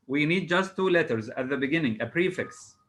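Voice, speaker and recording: A man's voice: a little high, lively intonation, measured pace, background noise. A man teaching English over a video call. He is patient, spells words out letter by letter and hesitates often. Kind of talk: online class drilling exam word formation.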